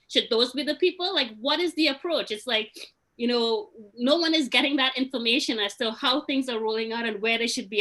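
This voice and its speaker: A woman's voice: a little high, pushed and bright. A woman, a small business owner speaking up at a meeting, frustrated and pleading, with many restarts. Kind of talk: emotional meeting remarks.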